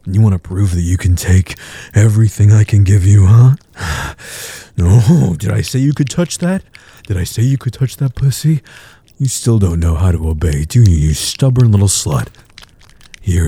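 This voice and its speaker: A man voicing a dominant, teasing adult man in an audio role-play, murmuring low taunts with breathy grunts. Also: warm tone, dry recording, full character voice. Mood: heated commanding.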